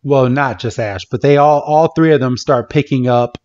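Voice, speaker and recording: A man's voice: medium pitch, normal speed, a little mellow, lo-fi sound. A man co-hosting a podcast, recapping a cartoon episode in a loose, chatty way, now and then swearing as he gets riled up. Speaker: podcast co-host.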